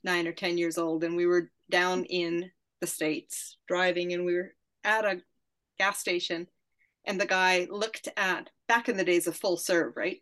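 A woman's voice: lowish voice, flat delivery, measured pace, fairly bright tone. A woman in her sixties, speaking. She co-hosts a casual book chat and tells stories with a wry, teasing edge. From Canada. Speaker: podcast co-host.

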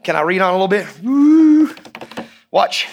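A man with a very high voice preaches a sermon. He repeats his lines for emphasis, swings up into shouts and jokes informally with the congregation. He sounds like a fired-up pastor talking straight to the room. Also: little pitch movement, racing, gravelly, lo-fi sound.

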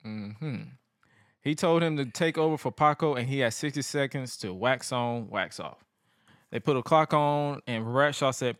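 A man co-hosting a podcast, recapping wrestling in casual, animated chat and acting out quotes. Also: mid-range voice, takes it slowly, no room sound, clean studio sound. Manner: animated storytelling, acts out quotes, swears freely. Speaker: podcast co-host.

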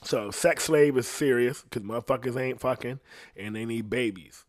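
A man telling a story in a casual, rambling monologue, swearing bluntly and getting loud and high when outraged. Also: moderate pace, no room sound, studio quality.

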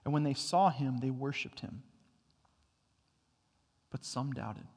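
A man preaching a sermon, telling a story that swells to loud bursts and falls back to quiet, slow emphasis. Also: medium pitch, breathy edge. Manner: storytelling, builds to loud excited bursts then drops quiet. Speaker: pastor. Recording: long hall reverb.

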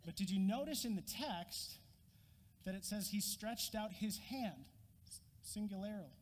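A man preaching a sermon, an animated storyteller who acts out scenes with a prop. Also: high voice, measured pace, in a large hall. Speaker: pastor.

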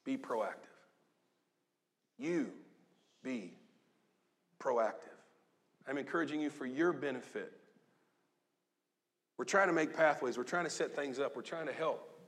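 A man in his fifties, a pastor giving a lively, joking, conversational sermon in a church. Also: medium pitch, unhurried, pauses often. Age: 50s. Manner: animated, joking, conversational preaching. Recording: long echo of a large hall.

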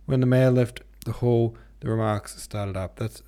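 Male reader, lowish voice, reads a novel aloud and trips over words, correcting himself. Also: moderate pace, hardly any pauses, dark tone. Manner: reads with stumbles and self-corrections. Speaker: audiobook reader. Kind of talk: unpolished audiobook reading.

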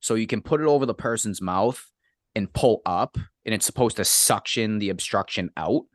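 A man's voice: lowish voice, moderate pace, dry recording, clean studio sound. A man in casual podcast chat who rants in a profane, exasperated way.

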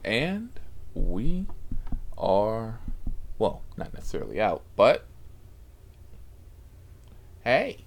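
A gravelly man hosts his channel, telling casual stories about driving for a ride service at a slow, drawn-out pace. His pitch swings up and down as he swears, laughs, and slips into whispered asides. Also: wildly swooping pitch. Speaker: rideshare driver and channel host. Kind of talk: casual storytelling to camera.

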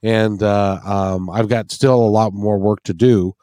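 A man's voice: fairly low pitch, steady tone, unhurried, dark tone, no echo, clean studio sound. A man hosting a casual interview, hesitant with frequent restarts and fillers.

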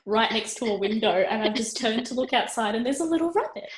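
A woman's voice: fairly high pitch, expressive, fast. A woman co-hosting a casual podcast chat from a room at home, playful and teasing. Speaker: podcast co-host. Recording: roomy home recording.

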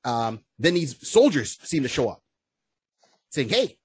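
A man co-hosting a podcast in casual chat, talking excitedly, with stammering restarts and whoops. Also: medium pitch, unhurried, breathy edge, no echo. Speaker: podcast co-host.

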